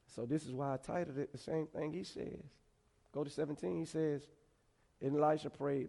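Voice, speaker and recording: Guy preaching, kinda high voice, animated storytelling, talks to the folks like a chat. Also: normal speed, gravelly, in a large hall. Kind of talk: sermon.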